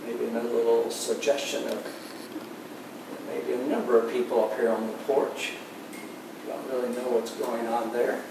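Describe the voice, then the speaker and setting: A man talking through his painting step by step, musing softly to himself as he works. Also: medium pitch, little pitch movement, moderate pace. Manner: soft-spoken, musing to himself while he paints. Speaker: painting instructor. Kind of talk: relaxed painting commentary. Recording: very echoey room, voice far from the mic, clear background noise.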